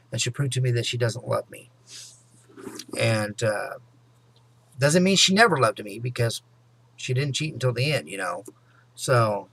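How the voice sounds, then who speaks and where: A man vlogging a rambling personal story to his viewers, full of "you know" and "anyway," sometimes fast and loud. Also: medium pitch, gravelly. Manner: talks fast and loud at times. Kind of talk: casual personal storytelling to camera.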